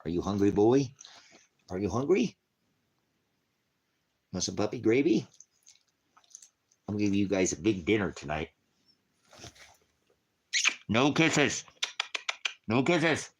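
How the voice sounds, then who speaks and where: A man with a notably deep voice talks loosely on a livestream from home. He rambles from topic to topic, cracks crude jokes, and slips into doting baby talk with his dogs. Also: very animated, normal speed, long pauses, mellow, slight background noise. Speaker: livestream host.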